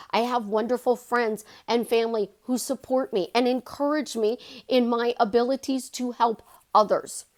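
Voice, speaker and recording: Animated, high-voiced woman life coach. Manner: animated, jumps pitch for emphasis and quotes. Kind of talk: casual vlog monologue.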